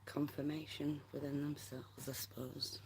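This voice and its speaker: A livestream host chatting casually with viewers in a soft, half-whispered voice and laughing often. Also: medium pitch, level tone, a little slow, gravelly, a little hiss or hum. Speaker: livestream host reading chat.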